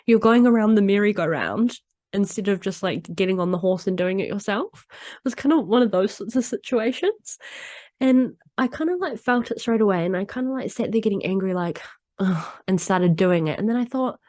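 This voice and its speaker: A woman's voice: mid-range voice, expressive, normal speed, darkish tone, no echo, studio quality. A woman hosting a solo podcast, talking candidly in a chatty way, often laughing and acting out what people said. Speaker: podcast host.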